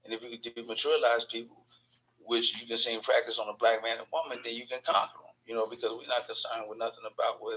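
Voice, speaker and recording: A man's voice: medium pitch, fairly bright tone, rough recording. A man with a Chicago accent hosting his own channel, telling stories in a rambling, profane, digressive monologue. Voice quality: profane, digressive, fast-moving storytelling. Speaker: host of an online channel.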